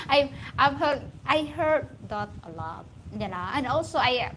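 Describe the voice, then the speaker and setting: A woman with a Filipino accent, chatting as an interview guest. She talks slowly and laughs often, and her pitch swings high and low. Steady background noise runs under the recording. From Philippines. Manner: giggly, animated, laughs often. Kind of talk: casual chat.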